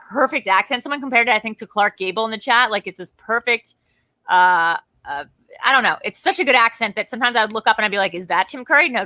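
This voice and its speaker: A woman co-hosting a casual movie talk show, excitable and rambling, with many filler words. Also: a little high, no room sound. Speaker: co-host of a movie discussion show. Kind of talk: casual chat about a movie.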